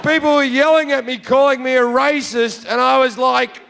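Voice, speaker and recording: Brash, gravelly Australian stand-up comic. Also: male voice, very high-pitched, fairly even intonation, moderate pace, slight background noise. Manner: brash and profane, building to shouts. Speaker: stand-up comedian. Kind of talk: stand-up storytelling. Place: comedy stage before a live audience. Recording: live hall with faint audience.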